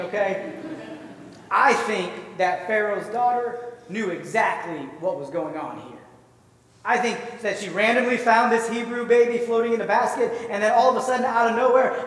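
A man's voice: high voice, fairly bright tone. A man preaching a sermon, retelling a story vividly and conversationally with many rhetorical questions. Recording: echoey hall, far from mic.

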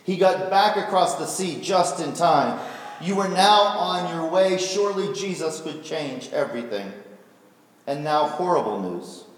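A man's voice: a little high, lively intonation, a little slow. A male pastor preaching a sermon, retelling a story vividly and asking rhetorical questions. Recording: echoey hall, voice from far off.

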